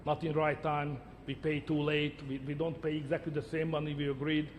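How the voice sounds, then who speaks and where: A man's voice: a little high, monotone, a little fast, long reverb tail, slight background noise. A middle-aged man whose first language is Hungarian, answering interview questions in emphatic short statements that repeat words. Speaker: interviewee, head of government.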